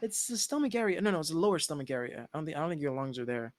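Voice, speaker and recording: Animated young man, dry sound. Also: on the high side, rapid-fire, no echo. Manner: animated, slangy, retells scenes with laughter. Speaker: podcast co-host. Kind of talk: casual TV episode discussion.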